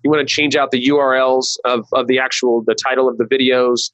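Guy rattling on super fast about marketing stuff, lots of restarts, dead dry sound. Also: medium pitch, level tone, a bit bright, no echo, low-quality recording. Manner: rapid, rambling, many restarts and fillers. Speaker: guest, digital marketing consultant. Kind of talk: casual webcast interview.

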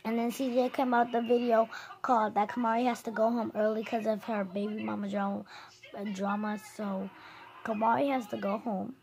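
A woman with a slightly high voice tells gossip to her viewers in a casual, slangy ramble. She talks as if chatting with a friend, piling one detail on the next. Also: little pitch movement, normal speed, creaky, darkish tone. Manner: chatty, slangy, rambling retelling with acted quotes. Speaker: vlogger.

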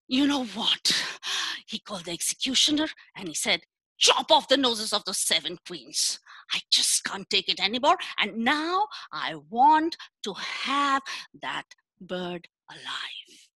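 A proud, hot-tempered storybook king , as a woman puts him on, barks exasperated commands with a lively, swooping delivery. The sound is bright and dry, close to the mic. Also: mid-range voice, unhurried, slightly rough, dry recording, exaggerated voice. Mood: livid.

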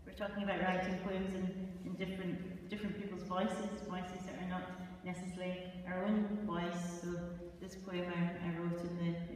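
Slow poetry reading by a woman, half-sung bits, long reverb, sounds distant. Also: fairly low pitch, darkish tone, a little hiss or hum. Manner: slow, measured delivery, some lines half sung. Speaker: poet. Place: large gallery hall. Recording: echoey hall, mic far off.

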